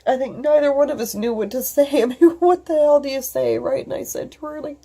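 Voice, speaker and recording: A woman's voice: high voice, a little fast, vocal fry, warm tone. A woman in her fifties, telling a personal story on her vlog in a rambling way, full of fillers, restarts and casual swearing, into her computer's mic at home. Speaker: vlogger.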